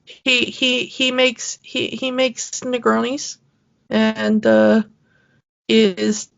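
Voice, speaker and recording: A woman co-hosting a podcast in casual chat, rambling with many fillers and quick laughs. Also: on the high side, completely flat delivery, vocal fry, dull audio. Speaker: podcast co-host.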